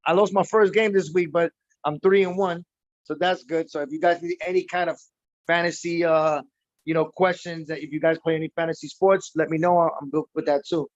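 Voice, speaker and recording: A slightly high, steady-toned male voice talks fairly quickly in a loose livestream chat about his team's playoff game. He's a baseball fan, a bit tipsy, rambling between laughs, heard in dull, dry lo-fi sound without room sound.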